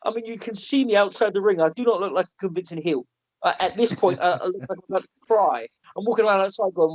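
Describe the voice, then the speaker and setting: A man telling animated, self-mocking stories on a podcast, often restarting and laughing. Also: high-pitched, fast talker. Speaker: wrestler and wrestling promotion owner. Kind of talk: podcast interview storytelling. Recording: slightly muffled podcast audio.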